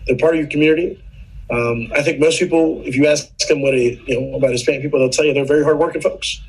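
A man's voice: on the high side, steady tone, quick pace, slightly rough, low-quality recording. A man, a podcast guest, explaining immigration policy in casual political chat, earnest and patient, often restarting his sentences.

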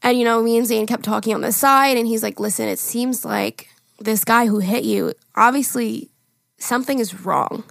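A young woman with a fairly high voice tells a story in a casual podcast chat. She acts out what others said, laughs often, and sounds dry and close to the mic. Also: moderate pace, gravelly, fairly bright tone, no echo. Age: young adult. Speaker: podcast co-host.

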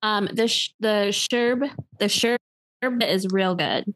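A woman's voice: mid-range voice, measured pace, a bit bright, dry recording. A woman co-hosting a podcast, chatting casually and rambling with lots of hesitation. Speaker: podcast co-host. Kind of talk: casual chat.

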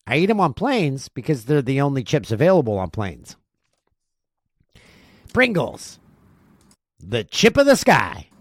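Animated man hosting a podcast. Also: medium pitch, dry recording, studio quality. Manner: animated, jokey, reads emails aloud with quick asides. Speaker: podcast host. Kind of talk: casual podcast chat reading listener emails.

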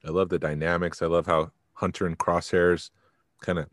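A man's voice: low voice, little pitch movement, normal speed, no echo, clean studio sound. A man co-hosting a podcast, chatting casually and rambling, often trailing off mid-thought. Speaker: podcast co-host.

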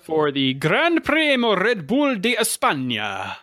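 A man's voice: sits high, huge pitch swings, slow, bright, forceful tone, dry recording. A man co-hosting a casual motorsport podcast, running through standings and race listings with frequent self-corrections. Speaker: podcast co-host.

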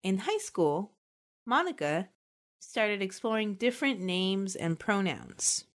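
A woman's voice: mid-range voice, sing-song, slow pace. Woman host, casual true crime podcast, giggly, chatty storytelling. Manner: giggly, chatty, recounts case details.

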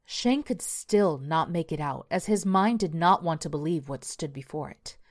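A woman narrating a horror story in a measured storytelling voice. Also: low voice, animated.

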